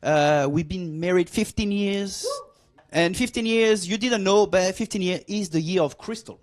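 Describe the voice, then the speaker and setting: A man with a French accent performs stand-up on a comedy club stage, teasing the crowd with mock arrogance. His voice sits fairly high for a man, and he likes to drag out his punchlines. He sounds like someone in his forties who is enjoying himself. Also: normal speed. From France. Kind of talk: stand-up routine.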